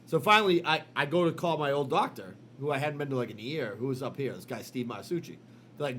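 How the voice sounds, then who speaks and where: A man co-hosting a podcast, telling a story in casual, animated chat full of swearing and fillers. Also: medium pitch, fast, slight background noise. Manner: animated, profane, lots of fillers. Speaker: podcast co-host.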